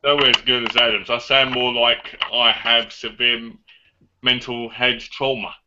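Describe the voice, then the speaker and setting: A man's voice: mid-range voice, little pitch movement, unhurried, sharp tone. An English man chatting and joking casually with friends, self-deprecating, on a dull lo-fi recording. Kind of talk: casual chat.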